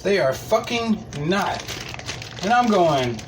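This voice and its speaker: A man's voice: sits high, very animated, slow, background noise. A man hosting a podcast, telling rambling, profane stories and laughing at them. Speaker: podcast host. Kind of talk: casual storytelling monologue. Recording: loud hip hop music behind the voice.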